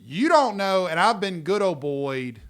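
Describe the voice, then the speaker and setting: A man, an attorney co-hosting a casual podcast chat in an animated, joking way, often cutting in. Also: high voice, measured pace. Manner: animated, jokey, interrupts often.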